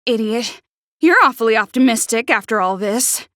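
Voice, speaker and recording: Prickly teen girl, game character, high voice, stammers, snappish, dry close sound. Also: expressive, moderate pace, a bit bright, no echo. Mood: exasperated. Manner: stutters on first sounds when flustered. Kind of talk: video game voice acting.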